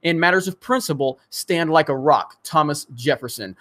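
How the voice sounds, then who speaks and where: A man with a fairly high, fairly bright voice hosts a casual live stream at normal speed, reading out viewer comments. He rambles in a frustrated way, with lots of restarts and fillers, and swears when he gets angry.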